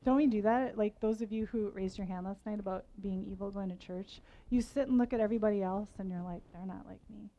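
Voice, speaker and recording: A woman in her forties speaks to a women's gathering in a candid, self-mocking sermon, often laughing at herself. Her voice is dark and mellow. The recording sounds a little dull and lo-fi. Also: medium pitch, quick pace, hardly any pauses. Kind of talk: conversational sermon talk.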